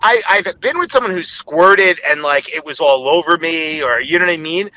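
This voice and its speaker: A man with a very bright, slightly high voice tells a rambling, explicit personal story. He talks casually and keeps quoting what others said. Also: lively intonation, moderate pace, slight background noise, rough recording.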